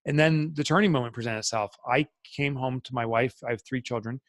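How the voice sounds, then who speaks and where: A man's voice: mid-range voice, fairly quick, no room sound. A middle-aged man, a podcast guest, telling a candid personal story in an earnest, reflective way with many fillers.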